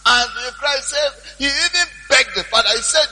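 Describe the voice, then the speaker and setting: A male preacher retells a scripture story in an animated sermon, repeating lines for emphasis. His voice is high, very bright and a little husky. Long reverb from a big church hall follows him. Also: normal speed, few pauses, faint music behind.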